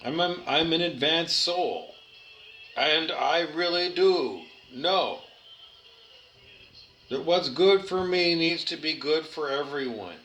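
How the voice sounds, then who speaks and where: Man, high voice, unhurried, earnest spiritual monologue, repetitive. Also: bright, forceful tone, soft background music. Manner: earnest, repetitive, with stumbles and restarts.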